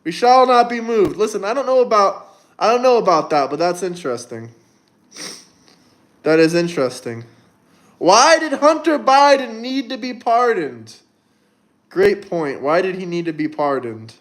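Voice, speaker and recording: A man's voice: high voice, big pitch swings, a little slow, pauses often. A young man hosting a casual livestream, reading viewer comments and answering them bluntly, with plenty of swearing and rambling. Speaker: livestream host.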